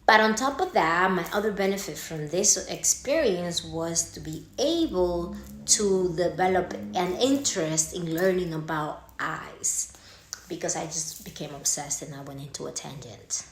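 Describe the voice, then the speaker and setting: Native Spanish-speaking woman, lower pitch, animated and profane casual storyteller, roomy echo. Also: measured pace. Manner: animated, swearing, acts out quoted voices. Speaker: vlogger telling a story. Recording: echoey room.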